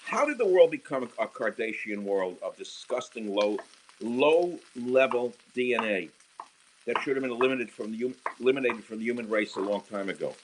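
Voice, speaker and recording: A man's voice: medium pitch, lively intonation, moderate pace, slight background noise, rough recording. A man talking casually while cooking on a livestream from his home kitchen. He speaks into a handheld phone and slides into crude, heated rants. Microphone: handheld phone camera. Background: sizzling frying pan.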